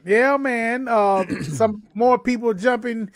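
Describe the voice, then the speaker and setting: High-pitched guy joking around on a livestream talk show, slangy and laid-back, dry close sound. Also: takes it slowly, no room sound. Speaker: podcast co-host. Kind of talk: casual livestream chat.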